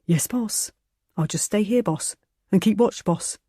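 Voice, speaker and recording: A woman's voice: mid-range voice, measured pace, warm tone, husky, dry recording, clean studio sound, voice pushed up. A woman narrator voicing a joking young man who plays the fool with mock-dramatic lines. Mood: teasing.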